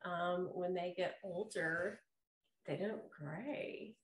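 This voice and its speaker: A middle-aged woman co-hosting a podcast in casual chat, explaining things slowly and deliberately. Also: fairly low pitch. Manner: slow, drawn-out explaining. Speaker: podcast co-host. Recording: echoey room.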